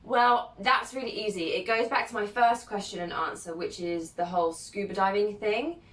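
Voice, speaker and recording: A young woman, a content creator, chatting casually as she reads viewer questions aloud and answers them, giggling often and filling pauses with lots of ums. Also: medium pitch, fairly bright tone. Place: at home, sitting alone. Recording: roomy sound from a distant mic.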